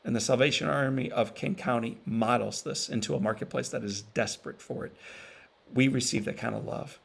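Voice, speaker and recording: Man, motivational speaker, gravelly voice, mid pitch, emotional storytelling, repeats phrases for emphasis. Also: fairly even intonation, a little fast. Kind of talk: inspirational keynote speech. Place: virtual event stream.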